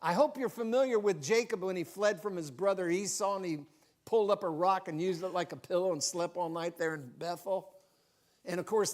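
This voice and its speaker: An older man, a grandfather, preaching a folksy, conversational sermon in a church, with personal asides. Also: high voice. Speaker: pastor.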